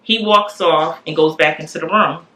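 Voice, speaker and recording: A woman in her forties telling a candid family story in a lively way, acting out the voices of the people in it. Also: sits low, moderate pace. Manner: animated, acts out quoted voices. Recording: echoey room.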